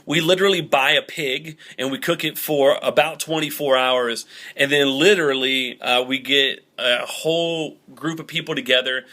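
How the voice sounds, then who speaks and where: A young man from the is teaching a Bible lesson in a relaxed, conversational way. He tells the story with upbeat energy. His tone is bright and forward, and his pitch is in the middle range. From Southern United States.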